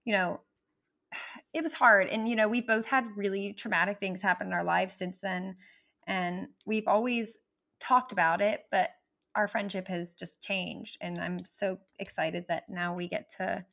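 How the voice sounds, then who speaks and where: A woman co-hosting a podcast in animated, casual talk that is full of "like" fillers. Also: medium pitch, measured pace, creaky. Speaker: podcast co-host. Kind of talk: casual chat.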